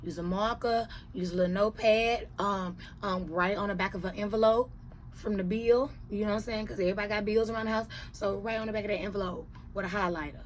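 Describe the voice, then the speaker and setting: A woman reviewing reality TV in casual, profane chat who often drops to hushed asides. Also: mid-range voice, brisk, slight background noise.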